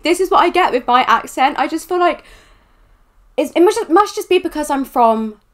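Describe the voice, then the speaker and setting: A young woman with a West Country accent hosting a reaction video. She rambles in a chatty, filler-heavy way. Her voice sits high for a woman. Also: expressive, moderate pace. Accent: West Country English. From southwest England. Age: young adult. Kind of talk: casual reaction chat.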